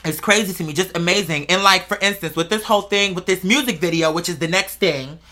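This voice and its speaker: A young adult woman hosting a podcast, talking in a rambling, profane, animated casual monologue and calling her listeners "girl". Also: on the low side, fast talker. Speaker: podcast host.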